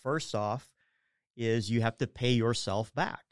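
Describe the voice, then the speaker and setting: A man talks through money and home equity on a radio show. His voice is smooth and clear, recorded dry and close with no room sound. He rambles in a friendly, casual way, often doubling back to rephrase. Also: medium pitch, takes it slowly, no echo. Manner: rambling, self-correcting, acts out clients' voices. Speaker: mortgage advisor guest. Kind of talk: casual radio talk explaining finances.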